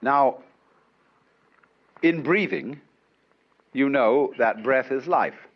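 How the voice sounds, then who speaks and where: A man giving a public lecture in an unhurried, wry way, with chuckles, on an old lo-fi recording from a lecture hall. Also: medium pitch. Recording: dull lo-fi archive lecture recording.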